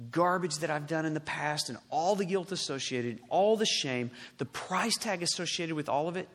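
A man preaching a sermon as pastor, swelling to loud emphatic peaks and dropping to hushed, slow endings. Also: fairly high pitch. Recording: long reverb in a large hall.

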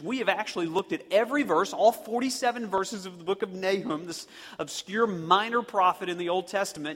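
High-voiced preacher in a reverberant hall. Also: male voice, fairly bright tone. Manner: dynamic preaching, slows and punches key words. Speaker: pastor. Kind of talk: sermon. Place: church sanctuary. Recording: long reverb of a church hall.

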